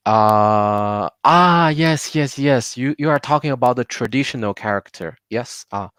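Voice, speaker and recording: A man's voice: mid-range voice, unhurried, fairly bright tone, clean tone, dry recording. A man with a Chinese accent teaching Mandarin pronunciation in a live online class, patiently repeating words for learners. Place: home.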